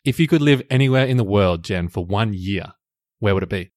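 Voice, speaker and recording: A man co-hosting a podcast in casual chat, playful and quick to laugh. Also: on the low side, lively intonation, a little mellow, no echo, studio quality. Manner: jokey, laughs often, playful teasing. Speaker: podcast co-host.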